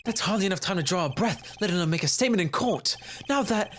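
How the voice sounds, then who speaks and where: A man's voice: high voice, lively intonation, fast talker, a bit bright, a little hiss or hum, voice pushed up. A man voicing a flamboyant, condescending male prosecutor in a fan-dubbed courtroom game, theatrical and over-articulate. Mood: mocking.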